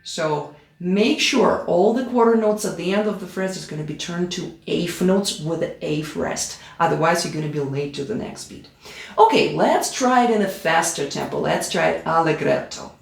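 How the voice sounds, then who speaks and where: Woman piano teacher, gravelly voice, echoey room, piano playing behind her. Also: on the low side, moderate pace. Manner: patient, step-by-step instructions. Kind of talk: play-along piano tutorial.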